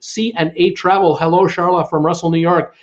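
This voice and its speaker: A man's voice: sits high, fairly even intonation, brisk, dull audio. Chatty Canadian man hosting a livestream. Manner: chatty, welcoming, stumbles over names. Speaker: livestream host. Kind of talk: live-stream chat, reading viewer comments aloud.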